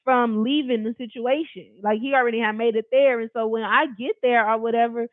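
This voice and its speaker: A woman's voice: fairly high pitch, steady tone, a little fast, no room sound. A woman telling a personal story in a casual storytime style, blunt, emphatic and full of profanity. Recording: tinny phone-like dry recording.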